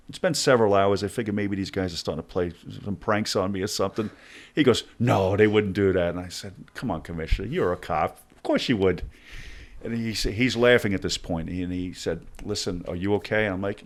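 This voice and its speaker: A man's voice: lowish voice, normal speed. A middle-aged man, telling stories in a podcast interview and acting out the dialogue as he goes. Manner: animated storyteller acting out dialogue. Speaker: guest, former hostage negotiator.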